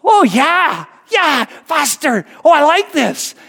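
Timid little boy, squealing and repeating himself in panic, high-pitched a man puts him on. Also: big pitch swings, takes it slowly, pushed and bright, full character voice. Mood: delighted. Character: scared young boy, timid then thrilled.

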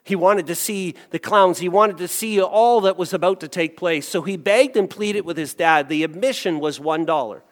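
A man preaching a sermon as a pastor, telling a story with animated acted-out voices. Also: sits high, normal speed, few pauses, long reverb tail.

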